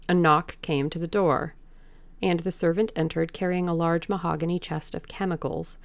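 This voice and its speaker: A woman narrating an audiobook in a measured, deliberate way. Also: fairly low pitch, creaky, clear, resonant tone, no echo.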